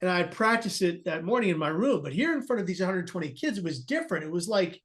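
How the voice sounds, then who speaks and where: A man's voice: high-pitched, expressive, quick pace. A man, a guest on an interview podcast, earnestly tells a personal story and acts out the people he quotes, often restarting his sentences.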